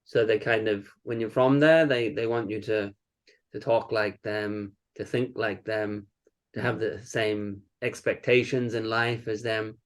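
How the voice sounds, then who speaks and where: A man's voice: fairly low pitch, fairly even intonation, measured pace. A man from New Zealand who now speaks with a British accent, a devotee chatting cheerfully on a video call. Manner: good-humoured, laughs easily. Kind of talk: casual chat over video call.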